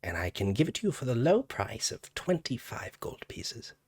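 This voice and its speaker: A man's voice: medium pitch, big pitch swings, moderate pace, slightly rough. A man voicing a small, eager male gnome shopkeeper with fussy, fawning sales patter. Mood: salesy.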